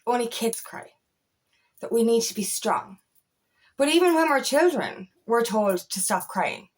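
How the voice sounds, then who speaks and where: A woman, a feminine empowerment coach, talking straight to camera in a passionate, blunt way, swearing freely. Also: fairly high pitch. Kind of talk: direct-to-camera talk.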